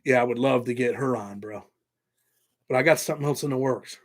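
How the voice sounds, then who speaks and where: A man's voice: medium pitch, a little fast. A middle-aged man from New York with a Southern-tinged American accent, hosting a casual livestream and chatting loosely with viewers, thanking them by name. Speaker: host.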